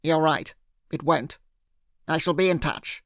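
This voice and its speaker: A man's voice: fairly high pitch, a little slow, a bit bright, no room sound, clean studio sound. A man voicing a testy male boss on the phone, curt and clipped. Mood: annoyed.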